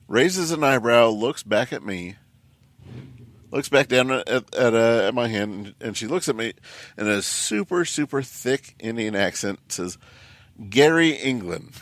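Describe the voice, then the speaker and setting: A man's voice: mid-range voice, expressive, a little slow, a bit bright, no echo. Chatty guy host rambling thru a story, lots of ums, voice bouncing up and down, dry sound. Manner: rambling storyteller, many fillers and restarts, laughs often. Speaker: podcast host. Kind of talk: casual podcast chat.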